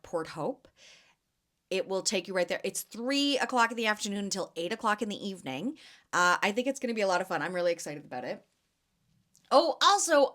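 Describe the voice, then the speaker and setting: A young woman hosts a casual podcast, her bright, forceful voice bouncing through chatty stories full of fillers. Her tone is lively and animated as she rambles about her week. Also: mid-range voice. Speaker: podcast host and jam vendor. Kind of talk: casual chat.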